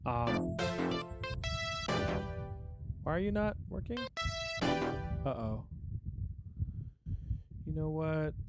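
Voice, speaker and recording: A man's voice: on the high side, big pitch swings, extremely slow, vocal fry, pauses often. A man rambling casually and profanely on a music live stream, joking at his own expense. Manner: rambling, profane, self-mocking.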